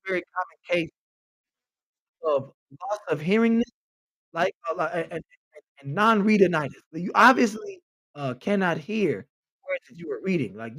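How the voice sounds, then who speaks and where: A man with a high-pitched speaking voice hosts a comedy segment, dishing out blunt, profane mock-medical diagnoses. His delivery is direct and unfiltered. He sounds close to the mic in a dry, dead space. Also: fairly bright tone, dry recording, rough recording. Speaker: podcast host. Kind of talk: comic advice bit reading messages aloud.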